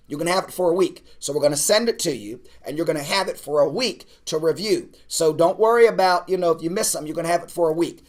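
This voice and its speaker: A man, a pastor, talking casually to an online class, urging and repeating himself as he builds energy. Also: sits high. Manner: repetitive, exhorting, building to shouts; casual, uses "man" and "y'all". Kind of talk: energetic preaching pitch to an online audience.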